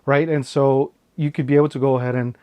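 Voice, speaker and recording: A man's voice: mid-range voice, flat delivery, fast, clear, resonant tone, highs cut off. Rambling man, tech vlog. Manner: rambling, repeats filler phrases, frequent "right?" tags. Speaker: tech vlogger. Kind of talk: casual unboxing vlog.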